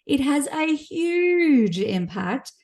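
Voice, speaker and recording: A woman's voice: high-pitched, sing-song, very slow, darkish tone. A woman co-hosting a casual business podcast, talking in an encouraging, reflective way with practical tips. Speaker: podcast co-host.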